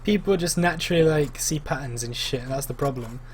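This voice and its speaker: A young man in a casual podcast chat with friends, his voice a little high. He speaks bluntly, waves ideas off and swears freely. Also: fairly quick, a little hiss or hum. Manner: blunt, dismissive, swears often. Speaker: podcast co-host.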